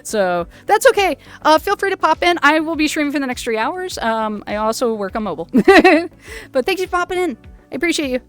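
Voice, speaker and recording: Giggly woman streamer on a VR headset mic, fairly high voice, soft music underneath. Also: lively intonation, a little fast. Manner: giggly and chatty, laughs often. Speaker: charity livestreamer. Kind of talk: casual livestream chat. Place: home, streaming in a VR chat.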